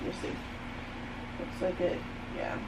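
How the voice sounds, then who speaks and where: A woman, casually vlogging at home early in the morning, chatty and rambling, with a tired, husky morning voice. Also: slow, heavy background noise. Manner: chatty, rambling, with many fillers. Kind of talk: casual vlog chat. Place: dim home room at a desk, early morning.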